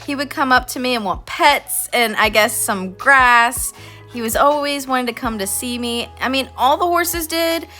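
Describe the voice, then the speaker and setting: A woman with a bright, forceful voice chats earnestly over her artwork, rambling and heartfelt. Faint music plays underneath. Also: high-pitched, moderate pace. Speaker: artist vlogger. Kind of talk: casual voice-over while drawing.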